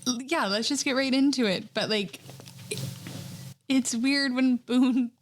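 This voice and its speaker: A woman's voice: sits high, a little slow, a little hiss or hum. A woman co-hosting a podcast, chatting casually and loosely with lots of "like". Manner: chatty, loose with filler words. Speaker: podcast co-host. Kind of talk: casual chat.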